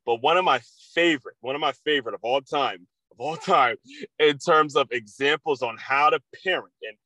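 A man hosts a podcast in a casual monologue, candid and profane, with frequent swearing and repetitive restarts. His fairly high voice is pushed and bright at normal speed, with no room sound, on a low-quality recording.

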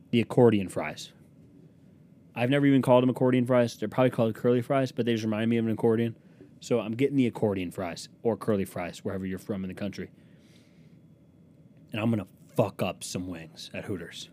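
Young male solo podcaster, low mellow voice, crude self-mocking rambler. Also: fairly quick. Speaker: podcast host. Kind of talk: solo comedic podcast monologue. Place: small room at a desk, recording alone. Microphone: desk microphone.

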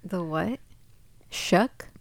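Slow-talking woman, dry podcast co-host. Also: fairly low pitch, animated, gravelly, no room sound. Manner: short, dry quips. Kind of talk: casual chat.

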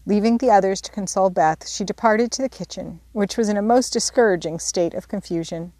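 A woman narrating a classic novel for an audiobook, steady and measured in her delivery. Her voice sits at an ordinary pitch for a woman. The recording is close and dry, with almost no room sound. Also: no room sound. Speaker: audiobook reader. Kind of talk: scripted narration.

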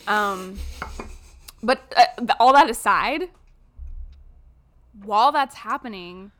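A woman's voice: medium pitch, slow pace. Woman co-host recapping a movie. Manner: animated, swearing, jokey storytelling. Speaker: podcast co-host. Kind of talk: casual chat recapping a movie.

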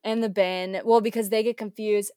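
A chatty young woman with an American accent talks loosely about her teaching, full of fillers and restarts. Her voice sits mid-range in pitch and is recorded close and dry, with no room sound around it. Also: steady tone, normal speed, warm tone, dry recording. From United States. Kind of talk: casual conversation.

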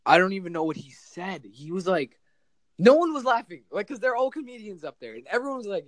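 A young man from New Jersey chatting casually as a podcast guest, telling animated stories full of acted-out quotes. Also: high voice, brisk, no room sound. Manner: animated, exaggerated storytelling with mock quotes. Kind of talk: casual chat.

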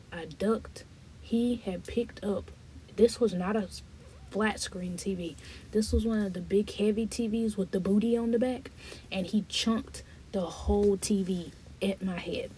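A woman's voice: mid-range voice, warm tone, a little hiss or hum. A woman hosting a podcast, telling a personal story and acting out the dialogue while speaking to listeners directly. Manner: reenacts dialogue, talks to listeners as y'all. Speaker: podcast host.

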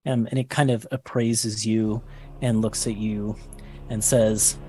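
A man narrating a tabletop role-play as game master, halting and full of fillers. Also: fairly low pitch, level tone, warm tone, faint music behind. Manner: unhurried, halting, many fillers.

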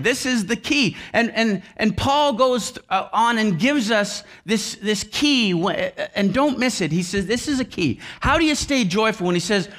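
Male pastor, high voice, slow, emphatic sermon, repeats phrases. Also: expressive, bright, forceful tone. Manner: emphatic preaching, repeats key phrases, sings a few lines.

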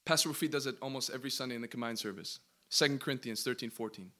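A man teaching a Bible study as a pastor, emphatic, asking his listeners questions and slowing down to stress key words. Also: mid-range voice, pushed and bright. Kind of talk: interactive sermon teaching.

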